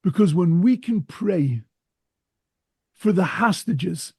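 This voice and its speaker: Male rabbi, sermon storyteller, husky, dry close sound, earnest and emphatic. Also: high-pitched, lively intonation, takes it slowly, warm tone, no echo.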